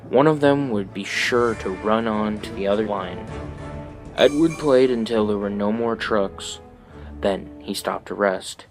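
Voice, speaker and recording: A man's voice: on the low side, measured pace, faint music behind, low-quality recording. Man reading a storybook aloud. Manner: expressive reading. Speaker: narrator.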